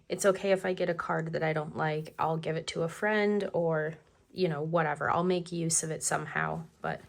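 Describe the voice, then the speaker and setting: A woman's voice: low-pitched, gravelly. A woman vlogger chatting casually as she unboxes her planners, enthusiastic about the stationery.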